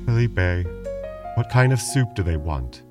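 A man's voice: deep voice, expressive, a little slow, over music. A man co-hosting a comedy podcast, answering in a dry, exasperated manner. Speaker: podcast co-host.

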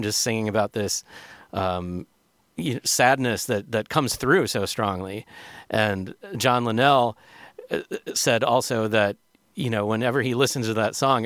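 A man's voice: on the low side, a little slow, fairly bright tone, no echo. A man hosting a music show, talking casually and thoughtfully between songs with frequent ums and restarts.

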